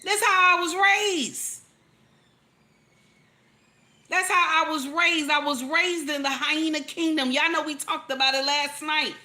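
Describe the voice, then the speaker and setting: Emphatic woman with a bright voice. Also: high-pitched, a little slow, long pauses. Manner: emphatic, repeats lines, calls out to listeners. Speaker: relationship commentator. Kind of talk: casual preachy commentary.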